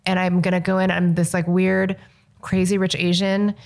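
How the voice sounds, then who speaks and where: A woman's voice: lowish voice, flat delivery, normal speed, gravelly, darkish tone. A woman from Los Angeles, a filmmaker, telling a story as an interview guest and acting out the dialogue. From Los Angeles, United States.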